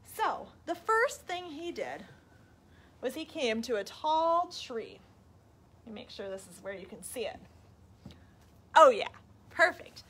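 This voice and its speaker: A woman librarian reading a picture book aloud at a children's storytime, animated and asking the kids questions. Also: high voice, slow pace, long pauses, husky.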